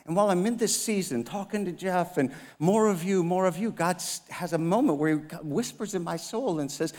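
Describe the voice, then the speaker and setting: A man's voice: sits high, brisk, hardly any pauses, darkish tone. Storytelling pastor in his fifties, reverberant hall. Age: 50s. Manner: storytelling with self-mocking humor and acted dialogue. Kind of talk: sermon.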